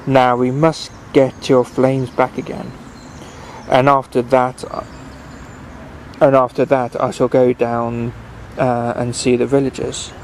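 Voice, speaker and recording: A man's voice: medium pitch, flat delivery, slow pace, a little hiss or hum. A man reading a storybook aloud and voicing a kindly but firm little man who talks a dragon round. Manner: coaxing, firm. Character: kindly, stern little old herbalist man.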